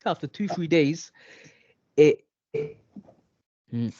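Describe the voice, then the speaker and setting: A man in his twenties from London who stutters heavily, with blocks and throat clearing, talking in a speech therapy session over a video call. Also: on the high side, animated, takes it slowly, warm tone, dry recording. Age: 20s. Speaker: stuttering client. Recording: dull lo-fi video call audio.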